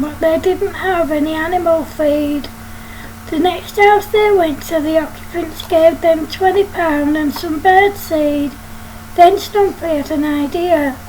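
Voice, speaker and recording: A woman reads her own children's story aloud in a very high voice, slowly and steadily. A faint hiss sits under her voice. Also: rough recording. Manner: plain, steady reading.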